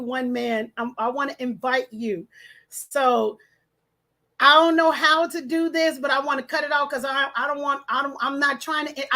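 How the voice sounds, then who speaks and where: High-pitched woman going live from home, chatty, reads out comments, trips over names. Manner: chatty, warm greetings, stumbles over names. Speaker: livestream host. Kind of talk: casual livestream chat, reading comments aloud.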